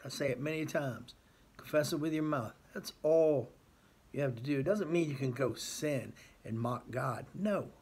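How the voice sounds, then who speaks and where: A man's voice: medium pitch, husky. A man giving an earnest, exasperated talk about his faith to his channel's viewers. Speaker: christian youtuber. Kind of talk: impassioned faith monologue.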